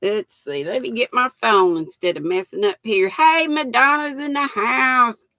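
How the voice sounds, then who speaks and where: A woman's voice: a little high, lively intonation, measured pace, sharp tone, no echo. An older woman from North Carolina with a Southern accent, hosting a live stream and chatting casually with viewers, greeting them by name and laughing often. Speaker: livestream host.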